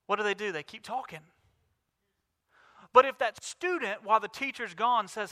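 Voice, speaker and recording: High, bright-voiced male pastor preaching. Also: moderate pace, pauses often. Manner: emphatic preaching with rising declarations. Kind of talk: sermon. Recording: reverberant hall.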